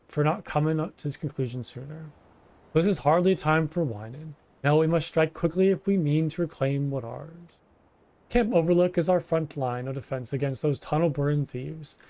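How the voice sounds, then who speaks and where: A man reading the lines of a boastful soldier, delivered in a rough old-sailor dialect. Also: fairly high pitch, warm tone.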